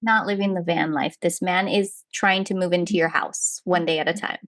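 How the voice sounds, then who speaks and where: A woman's voice: fairly low pitch, no room sound. A young woman co-hosting a podcast, reading out a listener's story and reacting in casual chat with frequent laughs. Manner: expressive, laughs often, quick reactions. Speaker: podcast co-host.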